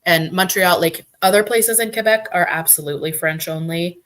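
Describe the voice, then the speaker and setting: A woman's voice: fairly low pitch, normal speed, fairly bright tone. A woman from Canada chatting casually on a podcast, filling her talk with "like". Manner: chatty, many "like" fillers. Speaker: podcast guest. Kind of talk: casual chat.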